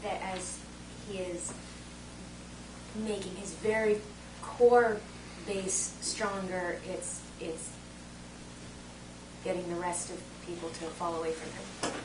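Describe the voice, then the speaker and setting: Halting female participant, monotone, distant and noisy. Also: fairly low pitch. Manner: halting, with many restarts. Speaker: focus group participant. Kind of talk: hesitant opinion in group discussion. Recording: roomy distant recording with clear background noise.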